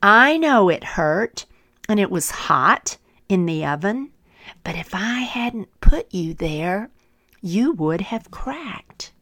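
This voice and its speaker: A woman voicing a gentle, patient potter in a parable, speaking calmly and at times in a whisper. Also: mid-range voice, no room sound, clean studio sound, heavily acted. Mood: tender. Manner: calm, measured, sometimes whispered. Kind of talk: storytelling parable.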